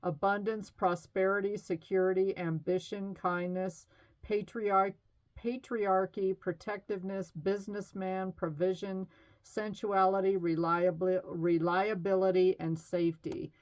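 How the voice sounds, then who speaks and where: A woman's voice: mid-range voice, steady tone, unhurried, darkish tone. A middle-aged woman giving a casual tarot reading in a chatty, reassuring way, with fillers and light laughs. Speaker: tarot reader.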